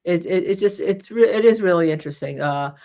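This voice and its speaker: A woman's voice: on the low side, fairly quick, creaky, dark tone. A woman trial lawyer with a New Jersey accent, co-hosting a casual legal commentary show, chatty with many fillers and restarts.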